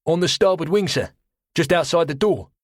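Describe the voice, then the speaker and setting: A man's voice: fairly high pitch, moderate pace, no room sound, studio quality, voice pushed up, natural voice. A man voicing a tall, balding cockney quartermaster who is wary and deferential, clipped and full of sirs, in an audiobook. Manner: clipped, deferential, says sir a lot. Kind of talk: audiobook character voice.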